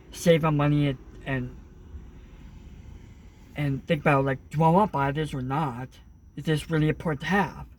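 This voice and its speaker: This clip has a slight hiss or hum under a young man's fairly high voice. He's a vlogger talking earnestly off the cuff, wandering through his thoughts with lots of fillers and false starts.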